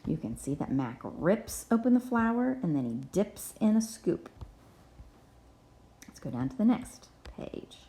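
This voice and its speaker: Slow, lively-voiced woman teacher. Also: medium pitch. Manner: patient, spells words out letter by letter. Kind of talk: reading lesson for young children.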